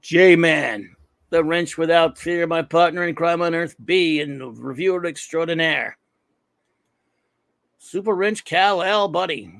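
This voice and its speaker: A man hosts his livestream with loud, energetic shout-outs. His voice sits a little high and has a gravelly edge. The sound is dry and close. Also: takes it slowly, no room sound. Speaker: livestream host. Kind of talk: casual livestream chat.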